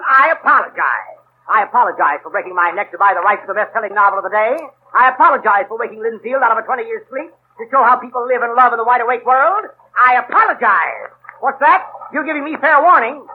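A sardonic small-town newspaper editor. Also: male voice, extremely high pitch. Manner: mock-apologetic, sardonic. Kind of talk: 1930s radio drama acting. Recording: scratchy phone-like 1930s radio broadcast.

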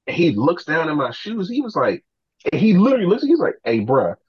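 A man, a podcast guest, telling animated stories in casual talk, acting out other people's lines and swearing freely. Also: high-pitched, fast talker, husky, no echo, dull audio. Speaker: podcast guest, sneaker collector. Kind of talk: casual storytelling.

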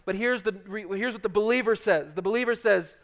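A middle-aged male pastor preaching a sermon, swinging from loud urgent passages to hushed soft ones. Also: sits high, brisk.

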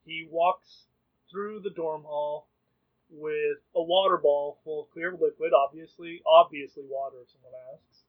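A man's voice: on the high side, steady tone, a little slow. A man playing a tabletop role-playing game, joking and describing his character. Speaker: player. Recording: phone-like lo-fi audio.

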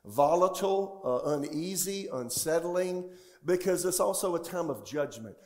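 A man's voice: fairly high pitch, expressive, measured pace, darkish tone. A male pastor preaching a sermon in a church sanctuary, often putting questions to the congregation. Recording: echoey church room.

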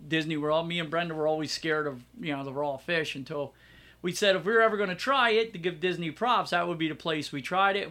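A middle-aged American man co-hosting a casual podcast, his voice high and bright with a gravelly edge. He chats loosely, pokes fun at himself and reads news items aloud between asides. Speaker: podcast co-host.

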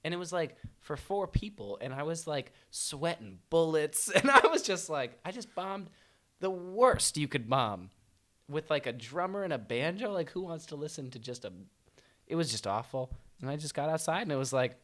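Lively, bright young man telling stories. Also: a little high, normal speed. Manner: lively storytelling, laughs through lines. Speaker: folk musician, podcast co-host. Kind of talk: casual chat.

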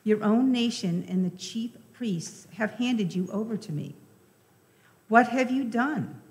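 A woman voicing a stern male Roman governor in a slow, measured scripture reading. The words carry through the long reverb of a church hall. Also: on the high side, animated, a little mellow. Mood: questioning.

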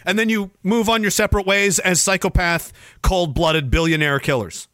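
A man's voice: sits high, moderate pace, pushed and bright, no room sound, clean studio sound. A man hosting a livestream, talking in a sarcastic, rambling, profane way. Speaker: host. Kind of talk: livestream commentary.

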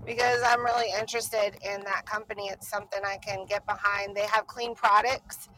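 Woman, co-host, casual chat, bright, enthusiastic. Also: medium pitch, flat delivery, fairly quick, low-quality recording. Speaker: podcast co-host.

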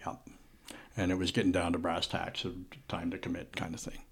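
Male sports radio host, fairly low voice, relaxed questioner who drops to a hush for stories. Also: brisk, breathy edge. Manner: friendly questioning, drops low and quiet when telling a story. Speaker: sports talk show host. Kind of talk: casual sports talk interview. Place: radio studio.

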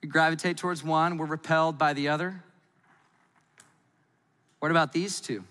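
A man preaching a sermon in a lively, playful, conversational way. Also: on the high side, moderate pace, big-room sound. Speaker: pastor.

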